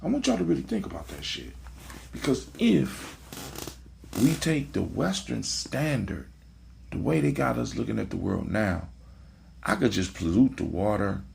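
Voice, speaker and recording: A man's voice: fairly low pitch, creaky. A man hosting a casual motivational talk, preachy, repeating his phrases and checking in with "right?". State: sleepy, yawning. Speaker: podcast host.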